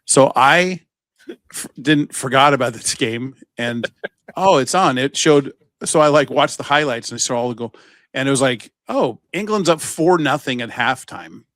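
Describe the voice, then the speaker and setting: A man co-hosting a podcast, telling stories in a rambling, casual way and getting animated as he retells events. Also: mid-range voice, normal speed, dry recording. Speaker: podcast co-host. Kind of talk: casual chat.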